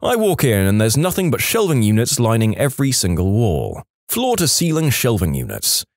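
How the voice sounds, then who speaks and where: A man narrating reddit stories in an animated, scripted storytelling manner. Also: medium pitch, normal speed, dry recording, clean studio sound.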